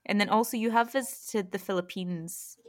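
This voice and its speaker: A woman's voice: medium pitch, moderate pace. Laughing young Scottish woman host. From Scotland. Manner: friendly, asks questions, laughs easily. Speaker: podcast host. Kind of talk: casual interview chat.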